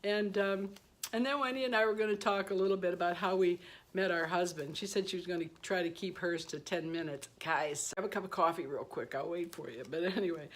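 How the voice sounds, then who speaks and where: Chatty self-mocking woman in her sixties. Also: lowish voice. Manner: chatty and self-deprecating, laughing at herself; warm storytelling with playful asides. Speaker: beauty vlogger. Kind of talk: casual personal vlog chat.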